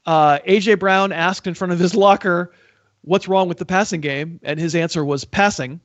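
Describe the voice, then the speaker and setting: A man hosts casual football talk with dry, teasing humor and frequent stammered restarts. His voice sits slightly high. The sound is dead dry, muffled and lo-fi. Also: normal speed, dry recording. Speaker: podcast host.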